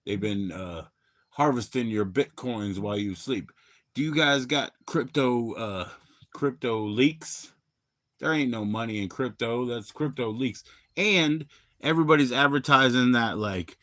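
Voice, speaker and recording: A man from Maryland, in middle age, hosting a rambling, profane livestream chat that swings from loud bursts to low mumbles. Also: measured pace, dry recording, studio quality. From Maryland, USA. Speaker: livestream host.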